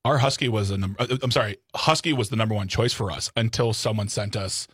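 A man co-hosting a morning radio show, joking and telling animated stories about his dog. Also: lowish voice, brisk, breathy edge, no echo, clean studio sound. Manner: playful, animated storyteller. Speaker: radio co-host.

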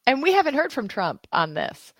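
A woman discussing politics with a co-host in a casual way, animated and building her points with emphatic lists. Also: sits high, moderate pace, no echo. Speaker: political commentator.

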